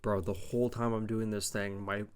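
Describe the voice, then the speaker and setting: A man's voice: lowish voice, flat delivery, normal speed, smooth. A man hosting a podcast, recapping a wrestling show in a rambling, offhand way with a lot of swearing. His mouth is dry. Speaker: podcast host.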